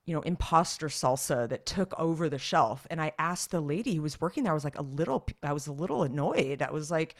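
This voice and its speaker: A woman chatting casually as a podcast co-host, animated and rambling with lots of fillers. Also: deep voice, quick pace, few pauses. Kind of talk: casual chat.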